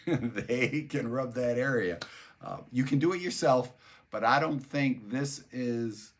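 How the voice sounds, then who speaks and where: Low-voiced older man explaining neuroscience. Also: a bit bright. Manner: conversational, repeats words, spells out terms. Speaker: neuroscience educator. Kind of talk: explanatory talk.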